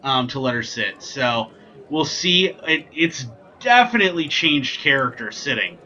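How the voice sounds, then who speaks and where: A man's voice: mid-range voice, very animated, unhurried, bright, forceful tone, highs cut off, slight background noise. A man hosting a casual whiskey tasting vlog, chatty and joking with lots of ums and asides. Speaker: whiskey reviewer, channel host.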